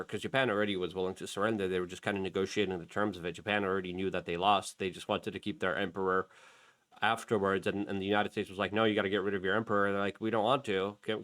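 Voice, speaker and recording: A man's voice: medium pitch, a bit bright. A middle-aged man hosting a talk show, commenting on a clip with heated, emphatic bursts. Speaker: show host.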